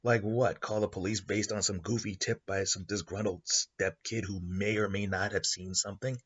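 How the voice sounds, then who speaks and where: A man's voice: fairly low pitch, steady tone, moderate pace, fairly bright tone, slightly rough, dull audio. A man voicing a drunk, dismissive male security guard who grumbles.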